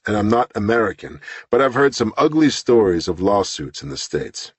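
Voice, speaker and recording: A man's voice: on the low side, big pitch swings, normal speed, breathy edge, no room sound. A man voicing a curt, detached man cutting a phone call short.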